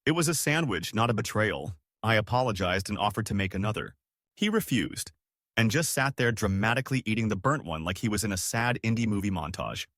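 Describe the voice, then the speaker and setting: A male narrator reads short stories aloud in a wry, storytelling way. His pitch rises and falls freely, and the sound is dry and close, with no room around it. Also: lively intonation, brisk, fairly bright tone, no echo. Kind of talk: scripted narration of reader stories.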